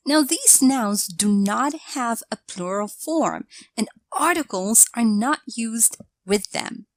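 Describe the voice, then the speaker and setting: A woman narrating a scripted English grammar lesson, explaining each point in a deliberate, measured way. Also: on the high side, lively intonation, no room sound.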